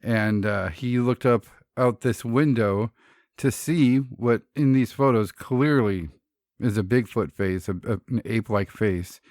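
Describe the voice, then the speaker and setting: A man's voice: mid-range voice, measured pace, a little mellow, no room sound, studio quality. A man co-hosting a podcast, riffing on jokes with a laugh and then recounting a story behind some photos. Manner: laughs a lot, riffs on jokes, narrates photo stories. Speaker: podcast co-host. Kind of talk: casual comedic chat.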